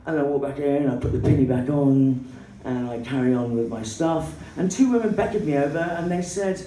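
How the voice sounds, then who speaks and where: An English woman doing stand-up comedy, an excitable, swearing storyteller who acts out the people in her story. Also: fairly quick. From England. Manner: excitable, swearing, acting out characters in shrill put-on voices. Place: comedy club stage. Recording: roomy hall, voice from a distance, faint background noise.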